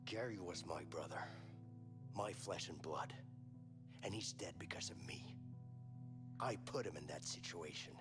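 A grim, low-voiced convict. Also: male voice, a little slow, pauses often, music in the background. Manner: low, intense, quiet. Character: grim, determined male convict seeking revenge. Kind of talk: game cutscene acting.

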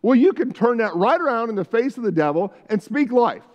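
A man's voice: extremely high pitch, expressive, a little fast. A middle-aged male pastor preaching a sermon in a church, fervent and repetitive, breaking into spoken prayers. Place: church sanctuary. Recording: muffled sound with long hall reverb.

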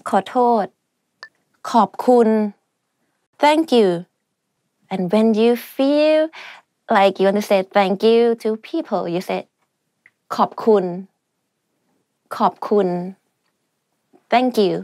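A woman's voice: fairly high pitch, animated, moderate pace, long pauses, a little mellow, no echo, clean studio sound. A young woman teaching everyday phrases in a casual, chatty way, full of fillers and small laughs. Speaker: language teacher. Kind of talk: casual spoken language lesson.

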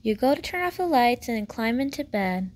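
A woman narrating a fanfic story with a gentle, even reading style. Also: a little high, normal speed. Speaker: fanfic reader.

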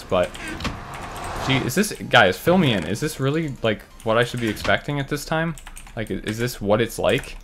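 A man giving running commentary on his own gameplay, muttering to himself and breaking into loud, frustrated outbursts. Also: medium pitch. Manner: talks to himself while playing. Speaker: gaming channel host.

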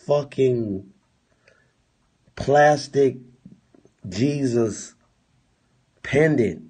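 Husky, slow-talking mocking man. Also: medium pitch. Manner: profane, mocking, drawn-out delivery. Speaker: livestream host. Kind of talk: casual mocking livestream commentary.

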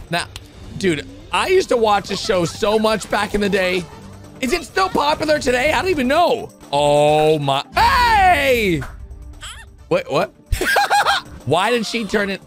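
A young man giving excited reaction commentary on a video, exclaiming loudly and calling his viewers "boys" and "bro". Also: high voice. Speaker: YouTuber reacting to an animation.

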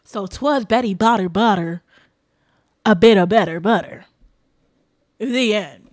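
A woman streamer giving casual, loud, playful commentary while reacting to a video, often reciting tongue twisters herself. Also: medium pitch, unhurried.

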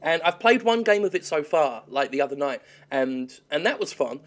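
A man giving sweary, joking let's-play commentary while he plays a game, with excitable outbursts. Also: on the high side, moderate pace. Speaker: games critic playing a game.

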